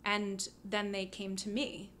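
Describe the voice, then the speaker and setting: A woman guest on an interview podcast, telling stories in a casual, animated way, full of fillers and laughs. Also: medium pitch, slow pace, slight background noise. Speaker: guest musician.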